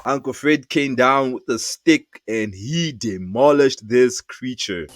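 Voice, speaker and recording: A man telling a personal childhood story in a casual, lively way, acting out voices as he goes. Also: mid-range voice, takes it slowly. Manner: lively, acts out voices in his anecdotes. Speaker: storyteller, animator. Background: background music.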